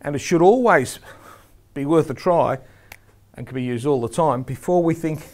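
Speaking at a moderate pace in a voice on the high side, a man delivers an instructional lecture to referees. He's emphatic and models both the firm and the soft tones a referee ought to use.

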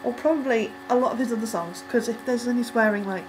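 A young woman casually reacting to a music video, rambling with lots of ums and likes and breaking into excited squeals. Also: a little high, fast talker, background noise.

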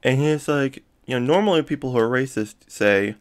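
A vlogger with a mid-range voice rants casually to camera at a moderate pace. He rambles with plenty of fillers and asides, swearing out of exasperation.

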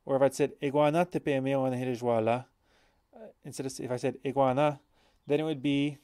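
A man explains example sentences in a relaxed, patient teaching voice, stopping to think aloud and fix his own slips. His voice sits at an ordinary middle pitch. It is recorded dry and close, with no room sound. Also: brisk, clear, resonant tone, dry recording. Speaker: language teacher. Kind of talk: language lesson with examples.

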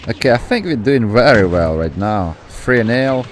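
A man giving live gaming commentary, excitable and rambling, who swears and then apologizes. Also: mid-range voice, moderate pace, slight background noise. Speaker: gameplay commentator.

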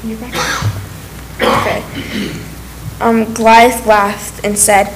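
A woman reading a children's Bible story aloud in church, clear and steady. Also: mid-range voice, slow pace, pauses often, slight background noise, low-quality recording.

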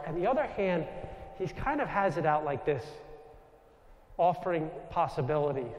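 New York-accented priest telling stories in a hall. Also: male voice, high voice, highs cut off, a little hiss or hum. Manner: animated anecdotal storytelling, asides to the audience. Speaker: Jesuit priest speaker. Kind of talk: storytelling talk to a live audience. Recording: reverberant hall.

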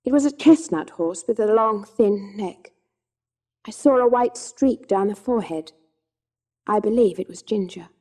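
A woman narrating an audiobook of a classic children's novel in a measured, gentle reading. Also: medium pitch. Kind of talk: scripted storybook narration.

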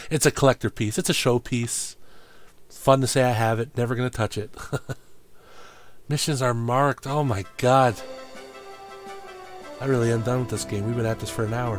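A man streaming a game, cursing, shouting at enemies and grumbling about the game as he plays. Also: mid-range voice, fairly even intonation, unhurried, pauses often. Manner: profane, frustrated outbursts and yelling at the game. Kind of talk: live gameplay commentary. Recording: game music behind voice.

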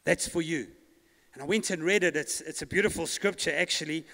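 Give me a man preaching a sermon in a long-echoing hall, with a high voice and emphatic calls to the congregation. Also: a little fast, gravelly, sharp tone. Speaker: pastor. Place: church hall.

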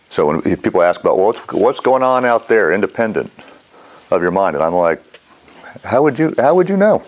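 A middle-aged man teaching a mindfulness class in a casual, rambling way, often quizzing his students. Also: low-pitched. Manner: rambling, animated, asks the class questions.

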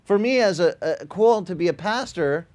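A man's voice: high voice, animated, moderate pace, darkish tone. A middle-aged man preaching as a pastor, telling stories casually with frequent restarts and swelling into emphatic encouragement. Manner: conversational storytelling, many restarts, rising to emphatic exhortation. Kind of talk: sermon. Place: outdoor beach service.

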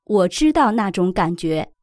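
A woman reading short prompts for a language lesson in a brief, even, neutral manner. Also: mid-range voice, moderate pace, no echo, studio quality. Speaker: prompt reader for translation drills.

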